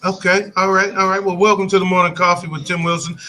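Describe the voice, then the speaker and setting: An American man hosting a casual live-stream chat over a video call, talkative and quick to laugh, often restarting sentences. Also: high-pitched, little pitch movement, bright, forceful tone, slight background noise, rough recording. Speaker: host.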